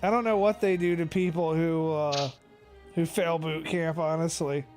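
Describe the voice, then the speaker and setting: A man from Kansas telling stories in a casual chat, swearing constantly and animated. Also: on the high side, moderate pace, soft background music. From Kansas, USA.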